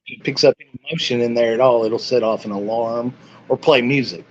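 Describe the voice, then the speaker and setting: A man's voice: medium pitch, a little fast, muffled recording. A man in his forties, a paranormal investigator guest, chatting in an easygoing, agreeable way. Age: 40s. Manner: easygoing, agreeable, short replies. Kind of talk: casual interview chat.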